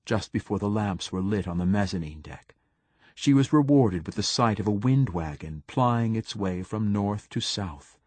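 A man reading a novel aloud as an audiobook narrator, in a measured, even storytelling manner. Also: lowish voice, husky, no echo. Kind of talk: scripted narration.

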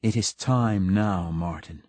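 A man voicing the cold, menacing words of a bladed monster in an audiobook, low and quiet. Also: slow pace, no echo.

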